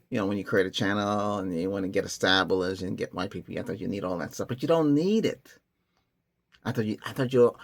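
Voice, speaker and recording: A man with a husky, mid-pitched voice hosts his tech channel. He talks in a loose, rambling way, restarting sentences and chuckling to himself. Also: a bit bright. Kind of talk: casual rambling vlog talk.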